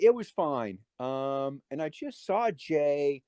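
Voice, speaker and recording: A middle-aged magician, appearing as a guest on a casual interview, tells rambling stories full of restarts and quoted dialogue. His voice is mellow, relaxed and on the high side, and he speaks slowly. The recording is close and dry, with no echo.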